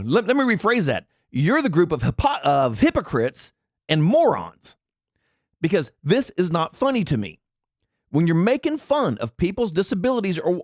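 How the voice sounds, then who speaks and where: A man's voice: sits high, no echo, clean studio sound. A man, ranting sarcastically and indignantly in political commentary. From Tennessee. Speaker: commentary vlogger.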